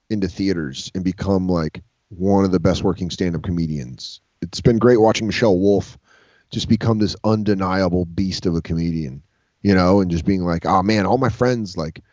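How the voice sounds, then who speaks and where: On a video call with dull, lo-fi sound and no echo, a man with a lowish voice appears as a comedian guest, rambling through casual interview stories. He curses freely and lively acts out the lines of other people.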